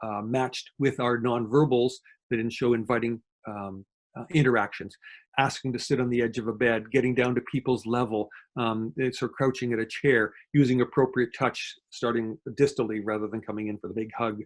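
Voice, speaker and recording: A man giving an online lecture as a guest speaker, talking quickly and explaining step by step, with frequent fillers and self-corrections. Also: medium pitch, steady tone. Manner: fast-talking. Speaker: guest lecturer on dementia communication.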